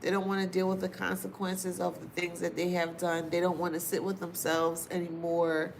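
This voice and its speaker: Her voice is lowish and creaky with little pitch movement, and there's a little hiss or hum in the audio. As an astrology or tarot reader, she gives viewers a chatty, informal spiritual reading, stressing points by repeating phrases, wandering into drawn-out asides and laughing often.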